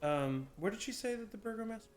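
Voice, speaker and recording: A man's voice: high-pitched, expressive, quick pace, faint music behind. A man speaking as a player at a tabletop game, casual and stop-start.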